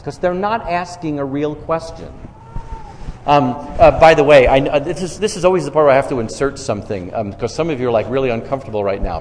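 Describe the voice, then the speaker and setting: A man's voice: mid-range voice, a little mellow. A man from New York with a New York accent, telling stories to an audience in a self-deprecating, conversational way. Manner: self-deprecating, storytelling with quoted dialogue. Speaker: speaker on faith conversations. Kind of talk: talk to a live audience. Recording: long hall reverb, faint room noise.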